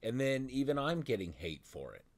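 A man's voice: medium pitch, sing-song. A man delivering an angry vlog rant, exasperated and swearing, often stumbling over his words. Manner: exasperated, swearing, halting restarts. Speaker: vlogger.

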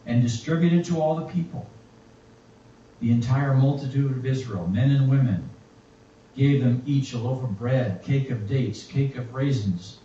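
A man preaching a sermon and reading scripture aloud in a slow, reflective way. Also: mid-range voice, dark tone, slight background noise. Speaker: pastor. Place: church. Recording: echoey, distant, muffled church recording.

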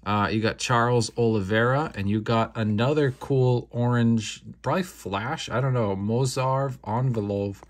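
A young man chats through a card unboxing in a relaxed, slangy way. His voice sits at an ordinary middle pitch, and he breaks into quick excited reactions now and then. Packs crinkle behind him as he talks. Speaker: card-opening channel host. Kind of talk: casual unboxing commentary.

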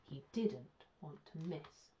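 A woman teacher reading a children's story aloud with clear, expressive storytelling. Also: low voice, takes it slowly, a little hiss or hum. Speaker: primary school teacher. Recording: muffled lo-fi sound.

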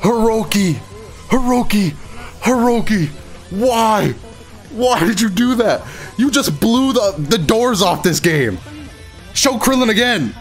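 A man reacting excitedly as a gaming YouTuber, exclaiming and repeating phrases over and over. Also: sits high, slow, faint music behind. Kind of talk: excited live reaction commentary.

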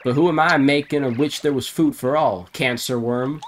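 A man on a live stream reading garbled game dialogue aloud in a deadpan comic voice, often breaking into laughter. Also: medium pitch, moderate pace, a little hiss or hum.

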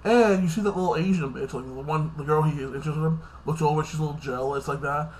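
Man rambling through a show recap, slightly high voice. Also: quick pace, few pauses, a little hiss or hum. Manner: rambling, fills with "like this" and "like that"; swears casually. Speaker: TV episode reviewer.

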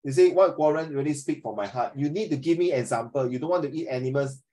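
A middle-aged male teacher talks to his class over a video call. He is animated and chatty, and his everyday voice sits in a middle pitch. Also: fast talker, low-quality recording. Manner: animated, mixes Mandarin phrases, chatty. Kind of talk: online class discussion.

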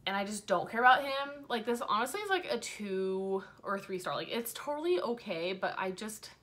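A young woman chatting loosely to camera about her reading. Her voice sits at an ordinary middle pitch, and she rambles from one thought to the next with plenty of fillers. She is frank and swears freely as she goes. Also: lively intonation, fairly quick, a bit bright. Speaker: book vlogger. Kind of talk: casual chat.

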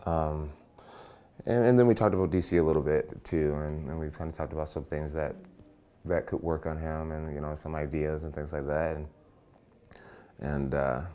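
An extremely deep-voiced man chats in a relaxed interview, excited and upbeat about his topic. He often starts a phrase twice before he finishes it, and he sounds like a professional fighter talking. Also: normal speed. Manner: enthusiastic, restarts often, relaxed. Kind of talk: casual interview.

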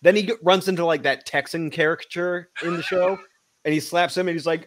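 A man's voice: a little high, fairly even intonation, fairly quick. A man in casual podcast chat, tossing in dry jokes between retellings. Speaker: co-host.

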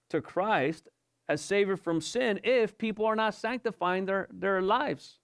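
A man's voice: sits high, a little slow, vocal fry, a bit bright. A male pastor giving an evening sermon, asking rhetorical questions and repeating his points for emphasis. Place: church service.

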